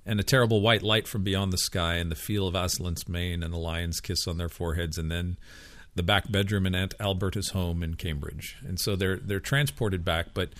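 A man's voice: low-pitched, steady tone, normal speed, hardly any pauses, fairly bright tone, dry recording. A man talking through ideas in a casual book discussion, reflective, often repeating words as he thinks aloud.

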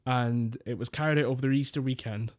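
A man's voice: medium pitch, fairly even intonation, fast, a little mellow. A man from the United Kingdom co-hosting a podcast, casual chat that rambles along wryly with frequent laughter. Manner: rambling, wry, laughs often. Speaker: podcast co-host.

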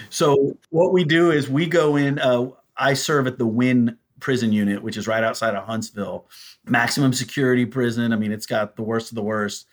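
A man telling stories as a podcast guest, animated and acting out the voices of people he quotes. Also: mid-range voice, normal speed. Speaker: guest, prison ministry volunteer. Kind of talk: storytelling in a podcast interview.

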